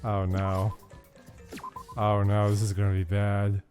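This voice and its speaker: A man's voice: on the low side, monotone, slow pace, over music. A young man streaming a video game from his home setup, ranting and swearing at himself in casual, self-mocking commentary.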